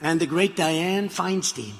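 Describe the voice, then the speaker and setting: At a political rally in a large venue, a man with a slow, creaky, somewhat high voice rambles and mocks, repeating his lines and wandering into asides. The hall audio is reverberant, with heavy background noise.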